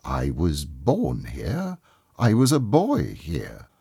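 A man doing an anxious old miser, urgent and pleading, deep mellow voice, slow delivery. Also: wildly swooping pitch, vocal fry, slightly rough, no room sound, studio quality, heavily acted. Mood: moved.

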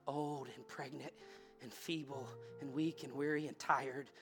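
A male pastor preaching a sermon that moves from casual storytelling to loud, fervent prayer in a packed church. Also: medium pitch, steady tone, measured pace, music in the background. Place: church room packed with people.

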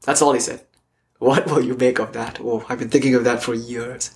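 A man giving a spiritual lecture in an animated storytelling way, sometimes dropping to a soft near-whisper. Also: medium pitch, moderate pace. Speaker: spiritual teacher.

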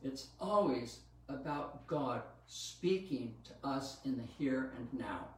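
A man's voice: mid-range voice, expressive, slow pace. A man preaching a sermon, teaching earnestly about Scripture with some fillers and restarts. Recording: very echoey room, from a distance.

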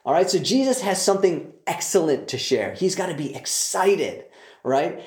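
A man's voice: fairly high pitch, a little mellow. A man teaching a Bible passage in a casual, enthusiastic way, full of joking asides. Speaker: preacher. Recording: roomy echo.

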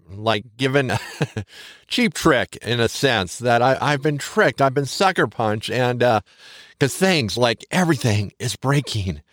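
On his solo podcast, the middle-aged host rambles candidly and pokes fun at himself. The studio-quality recording has no room sound, and his mid-range voice comes across a bit bright.

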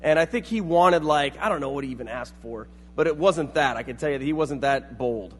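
High-voiced man preaching in a reverberant hall. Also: expressive, brisk. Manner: storytelling with acted-out quotes. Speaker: pastor. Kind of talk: sermon.

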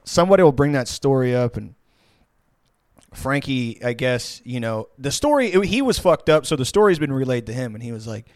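A man's voice: mid-range voice, fairly quick, no echo. A man telling a story casually as a podcast guest, rambling and profane, with lots of fillers. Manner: profane, rambling, animated retelling.

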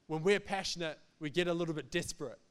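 Clear-voiced, high-pitched male preacher. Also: fast talker. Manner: emphatic, repetitive, jokes between points. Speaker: pastor. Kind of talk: sermon.

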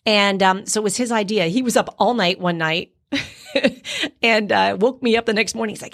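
A woman's voice: mid-range voice, fairly quick. A middle-aged woman from Canada, an actor, chatting casually on a podcast and acting out the things she says to herself as she tells a story. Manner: animated storyteller, acts out quoted inner dialogue.

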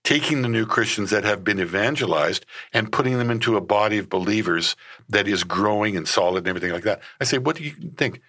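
Ministry leader in an interview, male, low-pitched, forceful delivery, animated storyteller. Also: fast. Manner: acts out conversations, animated storyteller.

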